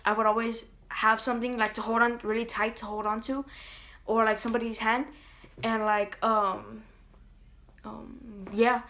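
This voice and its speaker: A woman's voice: on the high side, a bit bright. A young woman telling a personal story in a casual vlog, rambling with lots of fillers, earnest. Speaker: vlogger.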